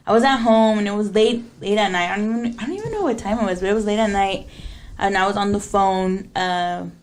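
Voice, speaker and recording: A young woman co-hosting a podcast, telling a story in a casual, animated way with lots of fillers and laughter. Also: medium pitch. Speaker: podcast co-host.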